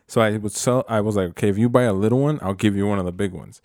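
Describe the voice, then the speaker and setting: A man's voice: fairly low pitch, racing, few pauses, darkish tone, no room sound, clean studio sound. A young man telling loose, profane stories with slang and laughter in casual chat. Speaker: storyteller in a casual podcast chat.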